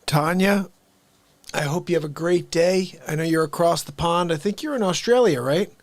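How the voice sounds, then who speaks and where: A man's voice: a little high, normal speed, slight background noise. A man hosting an unscripted live stream, rambling chattily and addressing his viewers directly.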